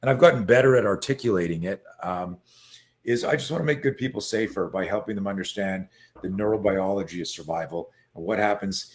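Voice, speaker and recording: A man being interviewed as a self-defense coach, telling stories in a lively casual way and acting out what people said. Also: on the low side, brisk. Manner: animated storyteller who acts out quoted voices; frequent fillers and restarts.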